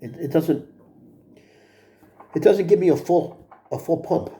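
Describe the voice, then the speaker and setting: A man's voice: a little high, measured pace, warm tone. A middle-aged man talking in a confessional video diary, rambling and frustrated with himself, often restarting and repeating words. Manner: rambling, frustrated, self-critical. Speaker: vlogger.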